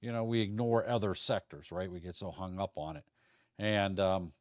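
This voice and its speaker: A man's voice: sits low, moderate pace, dry recording, clean studio sound. A middle-aged man teaching futures trading on a livestream, talking casually in a folksy, rambling way and stumbling over words now and then. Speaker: trading instructor.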